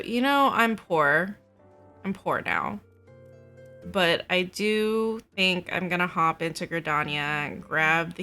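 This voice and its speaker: A woman's voice: on the low side, pushed and bright. A woman hosting a let's play, commenting in a playful, rambling, self-mocking way. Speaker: gamer host.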